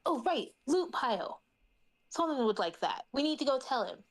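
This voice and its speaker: A tiny, scatterbrained flying adventurer, played by a woman, chirping along in a slightly high, lively voice that swoops up and down. She sounds eager and bright, a tabletop role-play figure who calls out loudly. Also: moderate pace, full character voice.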